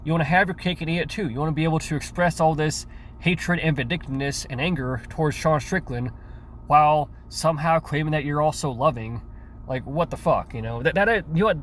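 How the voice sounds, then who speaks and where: A man's voice: fairly high pitch, moderate pace, slight background noise. A man ranting in a reaction commentary, sarcastic and profane, often stammering and restarting his words. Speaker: commentary youtuber.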